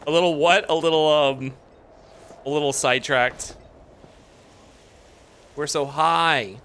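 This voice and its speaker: A man's voice: a little high, steady tone, slow, long pauses, a bit bright, slight background noise. A man streaming a video game live, chatting casually, easily distracted, reacting to what is on screen.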